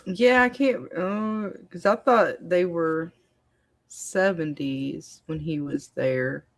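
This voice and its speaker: A woman's voice: on the low side, slow. Agreeable woman co-host chatting. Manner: agreeable, short affirmations. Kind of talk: casual live-stream chat.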